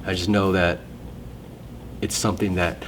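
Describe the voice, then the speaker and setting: Guy with a really low voice chatting, keeps cutting himself off mid sentence, faint rumble behind. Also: little pitch movement, moderate pace. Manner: rambling, self-interrupting storyteller. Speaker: guest sharing testimony. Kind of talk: casual conversation.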